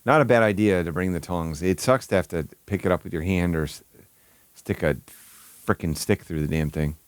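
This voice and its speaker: A man's voice: deep voice, moderate pace, clear, resonant tone. A man streaming live, reacting to a video with incredulous, stammering, profane commentary. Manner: incredulous, swearing, stammering with bursts of laughter.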